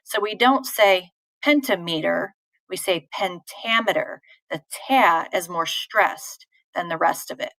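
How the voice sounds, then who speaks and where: Slow-speaking woman teacher, dry close sound. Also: on the low side, animated, a bit bright, dry recording, poor audio. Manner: patient, informal, many fillers and restarts. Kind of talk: live online poetry lesson answering chat questions.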